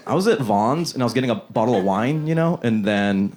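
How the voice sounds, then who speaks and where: A man performing a stand-up comedy set on a club stage, acting out characters in quick asides. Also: mid-range voice, a crowd in the background. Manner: animated, acts out voices in quick asides. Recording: loud audience laughter behind.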